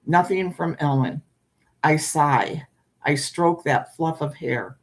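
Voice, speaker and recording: A woman reading a short story aloud at bedtime in a calm, unhurried way, then saying good night to her listeners. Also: deep voice.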